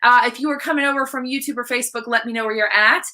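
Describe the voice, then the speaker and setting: A woman coach talking to viewers on a livestream, blunt and excited, swearing freely as she speaks. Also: on the high side, rapid-fire. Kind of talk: casual live-stream talk.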